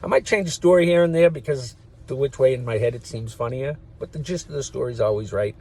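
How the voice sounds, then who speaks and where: A man's voice: mid-range voice, fast, dark tone, husky. A man in his fifties giving a rambling casual monologue to camera, swearing freely and chuckling between thoughts. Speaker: vlogger.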